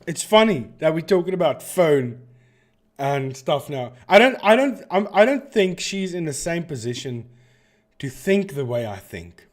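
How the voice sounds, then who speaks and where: A man from Africa, hosting a casual live stream and telling long, meandering stories with frequent restarts. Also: fairly high pitch. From South Africa. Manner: rambling, digressive storyteller who often restarts sentences.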